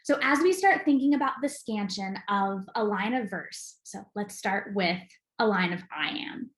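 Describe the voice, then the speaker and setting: A woman giving an enthusiastic, clear recorded lesson as an acting teacher. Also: mid-range voice, measured pace, fairly bright tone, echoey room.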